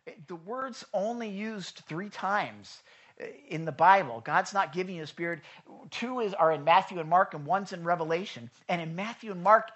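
A pastor delivers a sermon to a church congregation in an animated, chatty way. The voice sits at a middle pitch. It acts out the people in the stories and keeps checking in with the room. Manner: chatty, asks the room questions.

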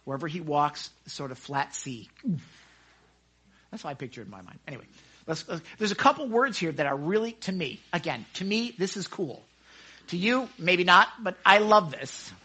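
Animated excitable man teaching the Bible. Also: fairly high pitch, normal speed, husky. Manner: excitable, chatty, acts out scenes. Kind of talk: casual Bible study teaching. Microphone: handheld microphone.

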